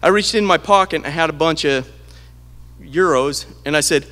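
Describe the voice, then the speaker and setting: A middle-aged man tells family stories at a memorial, his voice sitting a little high for a man. He delivers the anecdotes with animation and slips into the voices of the people he quotes. His voice carries into the long reverb of a large hall through a podium microphone. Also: normal speed, pushed and bright. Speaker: eulogist. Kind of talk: storytelling at a memorial.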